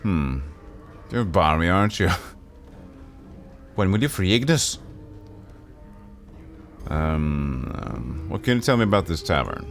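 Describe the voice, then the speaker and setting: A man's voice: deep voice, sing-song, takes it slowly, creaky, long pauses, soft background music. A man streaming a retro role-playing game, reading its text aloud and chatting casually with viewers.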